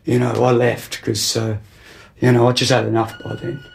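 A man's voice: mid-range voice, wildly swooping pitch, normal speed, creaky, darkish tone. A young man delivering a rambling, hesitant comic monologue full of restarts. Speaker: comedy monologue performer.

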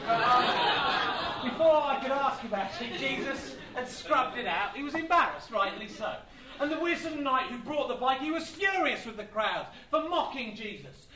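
Male stand-up, deadpan storyteller, caught from a distance in a live, noisy room. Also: very high voice, normal speed, a crowd in the background. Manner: deadpan, absurd storytelling with asides. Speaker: stand-up comedian. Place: comedy venue with live audience. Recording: echoey club, distant mic, audience.

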